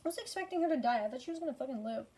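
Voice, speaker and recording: A woman's voice: sits high, lively intonation, very fast, mellow. A tired woman casually ranking movies in a rambling, profane way, full of fillers and frequent swearing. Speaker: movie reviewer.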